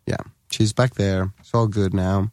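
A man's voice: deep voice, level tone, unhurried, darkish tone, no room sound, studio quality. A middle-aged man, a podcast guest chatting loosely with lots of fillers and swearing. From Colombia. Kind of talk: casual chat.

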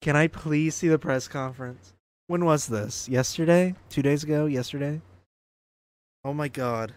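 A man hosting a podcast, reacting to news clips in an excitable, profane, casual way. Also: a little high, moderate pace. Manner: excitable, profane, laughs a lot. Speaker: podcast host.

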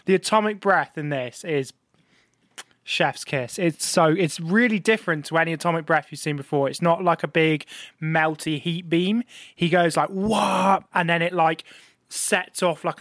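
A man's voice: on the high side, moderate pace, a bit bright, dry recording, clean studio sound. A man hosting a podcast, chatting casually and animatedly, swearing freely. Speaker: podcast host.

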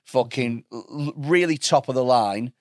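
A man co-hosting a comedy podcast, in deadpan, self-mocking banter. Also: mid-range voice, moderate pace, no echo, studio quality. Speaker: podcast co-host.

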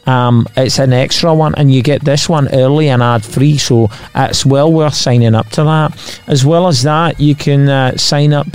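A man's voice: mid-range voice, fairly even intonation, moderate pace, few pauses, a little mellow, smooth. A man hosting a podcast, reading out facts and chatting casually. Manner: chatty, sweary, reads out facts. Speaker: podcast co-host. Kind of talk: casual chat.

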